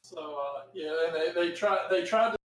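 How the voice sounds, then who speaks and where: A man co-hosting a podcast in casual chat, excitable and animated, breaking into shouted asides. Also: a little high, normal speed, echoey room, low-quality recording. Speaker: podcast co-host.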